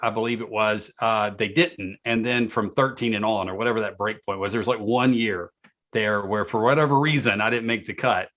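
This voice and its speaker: A man's voice: fairly low pitch, fairly even intonation, a little fast, a bit bright. A man from Georgia with a slight Southern accent, answering interview questions in an easygoing, self-deprecating way. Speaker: guest, author and speaker.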